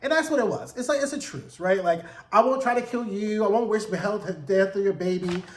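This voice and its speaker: A man giving a casual, profane TV episode recap, animated and acting out the characters in quick quoted voices. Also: sits high, reverberant. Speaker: TV recap host.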